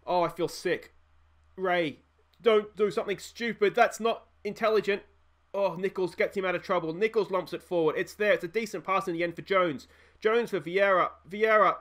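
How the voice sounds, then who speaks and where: A young Australian man commentating his own football management game, talking to the players and yelling at the screen when it gets tense. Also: high-pitched, moderate pace. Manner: animated, yells at the screen. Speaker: gaming channel host. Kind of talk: excited let's-play commentary.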